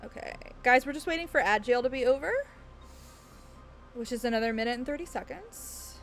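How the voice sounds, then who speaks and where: A woman's voice: a little high, brisk, a bit bright, faint music behind. A woman game streamer chatting casually with her viewers in a bubbly, giggly, gushing way.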